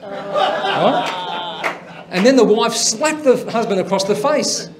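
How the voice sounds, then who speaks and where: A man's voice: sits high, animated, slow pace, heavy background noise. A man hosting a comedy show, telling jokes with an upbeat, chuckling manner. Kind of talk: stand-up joke telling.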